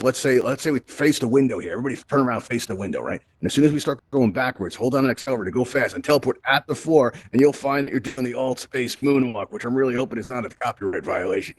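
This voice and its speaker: A man's voice: medium pitch, expressive, fast, hardly any pauses, darkish tone, breathy edge, no room sound. A man hosting a live virtual reality event, walking the crowd through the controls in an upbeat, chatty way and often asking "right?". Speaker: VR event host. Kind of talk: live instructional walkthrough. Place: virtual reality social space.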